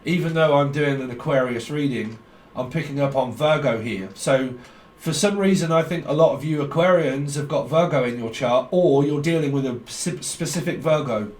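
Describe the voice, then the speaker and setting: A tarot reader with a fairly high voice speaks at normal speed, giving a blunt, rambling reading in a stream of consciousness and swearing freely. The room is echoey and the mic sounds distant.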